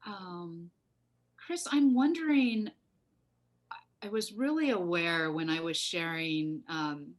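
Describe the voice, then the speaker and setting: A woman's voice: lowish voice, takes it slowly, pauses often. A woman moderating an online gathering, thoughtful and searching for words as she asks questions. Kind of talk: casual moderating on a video call.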